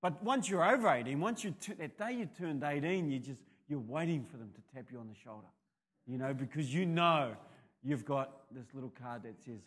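A male pastor with a New Zealand accent preaching a sermon, telling rambling anecdotes that build to loud, emphatic peaks. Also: mid-range voice, animated, normal speed.

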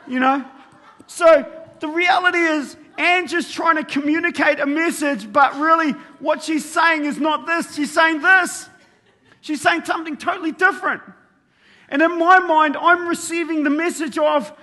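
A man preaching a sermon, telling everyday stories with animated delivery and acting out his own thoughts. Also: very high voice, moderate pace. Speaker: pastor. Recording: long reverb of a large hall.

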